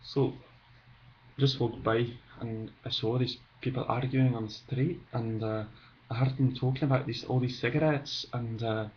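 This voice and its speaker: A man voicing a deadpan male Scot who tells absurd tall tales in an attempted Scottish accent, matter-of-fact throughout. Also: medium pitch, moderate pace, dull audio, slight background noise, close to an everyday voice.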